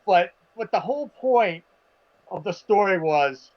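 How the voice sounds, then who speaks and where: High-voiced man telling a story. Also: a little slow. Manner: animated, acts out quotes, swears. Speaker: podcast co-host. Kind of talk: casual storytelling chat. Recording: dull lo-fi stream audio.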